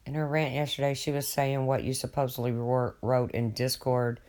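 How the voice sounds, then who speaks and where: A man's voice: medium pitch, little pitch movement, normal speed, a little mellow. An older man rambling casually to viewers on his livestream, folksy and swearing freely as he reads their comments. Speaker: livestream host.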